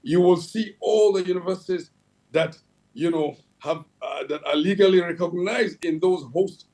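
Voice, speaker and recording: A man's voice: high-pitched, moderate pace, darkish tone, rough recording. Nigerian man speaking in formal official tones. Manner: formal official tone, frequent fillers and restarts. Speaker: head of a regulatory agency, guest. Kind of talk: television interview.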